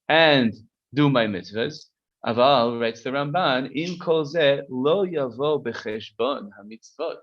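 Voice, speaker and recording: A man's voice: mid-range voice, muffled recording. A man teaching a casual text-study class, reading Hebrew passages aloud and explaining them conversationally. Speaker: Torah teacher.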